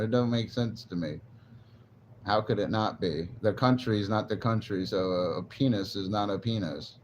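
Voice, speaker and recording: A man with a fairly low, slightly mellow voice livestreams while stoned and zoned out, rambling and swearing in a laid-back way as he answers his chat. The stream audio is dull and lo-fi with faint noise.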